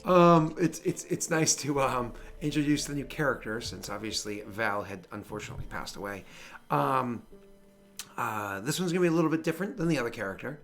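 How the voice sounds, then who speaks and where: With faint music behind him, the game master talks fairly quickly in a mid-range voice. He's chatting casually, telling a story full of swearing and acted-out reactions from his friends.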